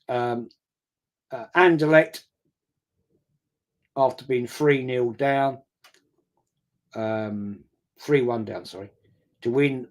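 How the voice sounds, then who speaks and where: A man in his sixties with a medium-pitched voice rambles through a casual live-stream chat, reading out viewer comments. He often repeats himself and pauses with ums.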